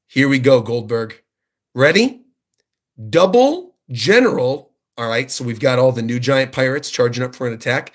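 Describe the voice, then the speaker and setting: A man hosting a livestream who reacts excitedly to a new manga chapter and reads the panels aloud. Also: medium pitch, normal speed. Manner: excited, enthusiastic commentary.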